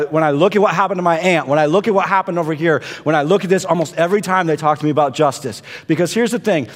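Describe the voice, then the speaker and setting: A man preaching a sermon, building to intense peaks and dropping to hushed, quiet passages. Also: a little high, big-room sound. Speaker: pastor.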